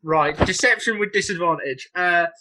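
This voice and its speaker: Man, game player, high voice, bright tone, rambling, video call. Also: moderate pace. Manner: rambling, laughs often, trailing off. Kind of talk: casual tabletop play.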